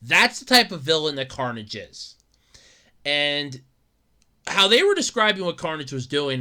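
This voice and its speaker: Bright-voiced rambling male podcaster. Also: sits high, sing-song, normal speed. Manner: rambling, repeats himself, stammering restarts. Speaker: podcast host. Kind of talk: casual solo podcast rant.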